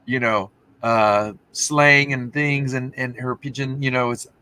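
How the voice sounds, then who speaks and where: A man from Texas hosts a loose video-call chat, his voice bright and forward. He rambles through long anecdotes and slips into voices for the people he quotes. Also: mid-range voice, steady tone, measured pace, clear, resonant tone. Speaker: host. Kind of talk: casual chat.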